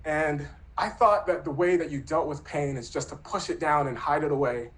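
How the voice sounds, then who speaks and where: A man in his thirties telling a true personal story in an earnest, reflective, softly spoken way. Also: a little high, moderate pace, poor audio.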